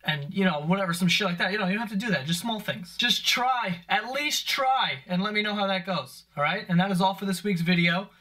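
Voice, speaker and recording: A man's voice: high voice, brisk, hardly any pauses, bright, forceful tone. A young man hosting a vlog, ranting to camera in a comedic, profane, exasperated way. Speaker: vlog host.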